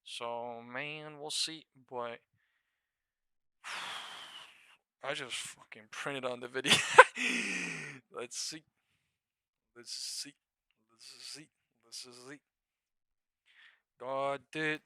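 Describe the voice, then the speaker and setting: A man live-streaming stock trading, talking to his viewers in a loose, profane, excitable way. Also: mid-range voice, very slow, pauses often, clear, resonant tone, no room sound. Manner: profane, excitable, laughs and shouts at market moves. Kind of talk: live-stream market commentary.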